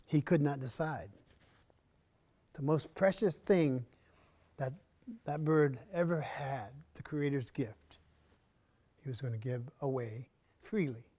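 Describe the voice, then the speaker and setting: A man performing a traditional story in an arts center, measured and unhurried, with long pauses and often dropping to a soft voice. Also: mid-range voice.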